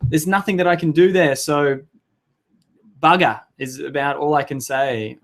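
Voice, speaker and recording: A man's voice: fairly high pitch, unhurried. A man hosting a live webinar, chatty and flustered, swearing and laughing at himself over tech trouble. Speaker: webinar host. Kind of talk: casual live webinar talk.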